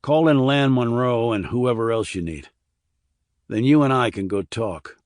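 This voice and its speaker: A man reading the part of a calm, blunt male army investigator, terse and level. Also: mid-range voice, measured pace, no echo, studio quality, lightly acted. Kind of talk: audiobook character reading.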